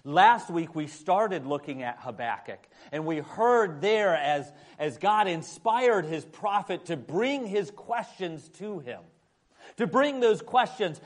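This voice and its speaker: A man with a high-pitched voice delivering a sermon from the pulpit. His delivery is dramatic, rising to loud emphasis and dropping to near-hushed asides. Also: expressive, slow pace. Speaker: pastor.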